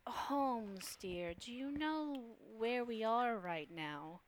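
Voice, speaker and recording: A woman voicing a dark, eerie female spirit in a wispy, hushed whispered role-play. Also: a little high, animated, takes it slowly, a little hiss or hum.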